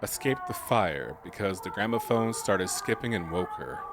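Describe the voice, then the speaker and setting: A man's voice: low-pitched, expressive, moderate pace, background noise. A man casually commenting while streaming a video game, joking and laughing often. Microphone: desk mic with webcam.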